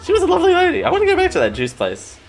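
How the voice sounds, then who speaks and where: A man's voice: very high-pitched, wildly swooping pitch, racing, vocal fry, soft background music. A man with an Australian accent, hosting a podcast and chatting casually, rambling and poking fun at himself with lots of restarts. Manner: rambling, self-mocking, many restarts. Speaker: podcast host. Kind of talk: casual live-show chat.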